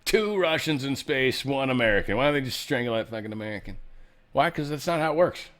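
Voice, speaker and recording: A man's voice: medium pitch, lively intonation, a little fast, fairly bright tone. Irreverent joking man riffing on news. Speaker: show host. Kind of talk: casual news commentary monologue.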